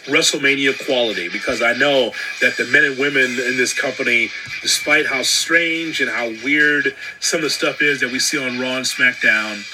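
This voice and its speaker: A man's voice: mid-range voice, normal speed, over music, poor audio. A man casually talking through upcoming wrestling matches, with frequent fillers and restarts. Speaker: wrestling commentator. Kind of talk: casual opinion monologue.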